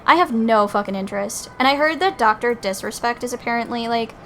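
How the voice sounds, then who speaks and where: A woman's voice: fairly high pitch, lively intonation, brisk, slight background noise, poor audio. A young woman streamer chatting casually while gaming, swearing freely and saying "like" a lot. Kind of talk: casual chat while playing a game.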